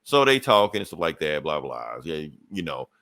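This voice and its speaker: A man's voice: rumbling low, big pitch swings, moderate pace, sharp tone, dry recording. A man reviewing a comic book in a casual, profane way, chuckling between points as he retells the story.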